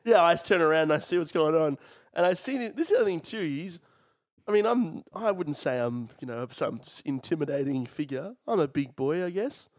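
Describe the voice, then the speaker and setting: A man on a comedy podcast, talking in casual, expressive banter and laughing often. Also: fairly high pitch, a little fast. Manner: expressive, swooping delivery with frequent laughs. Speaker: podcast co-host.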